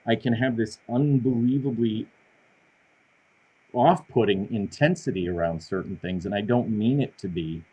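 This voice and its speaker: A middle-aged man guests on a podcast, his voice sitting a little low. He talks in a lively, self-deprecating way, rushing through his stories. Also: slightly rough, highs cut off. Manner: animated, self-deprecating storyteller. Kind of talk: casual conversation.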